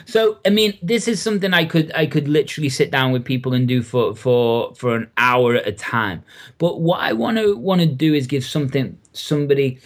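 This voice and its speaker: A man with an English accent, a coach speaking as a guest on a podcast interview with enthusiastic, animated delivery. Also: mid-range voice, fairly quick.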